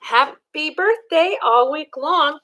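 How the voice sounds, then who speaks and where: An older woman reading a picture book aloud to children, animated and stopping to ask them questions. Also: high-pitched, slow pace. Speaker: storyteller.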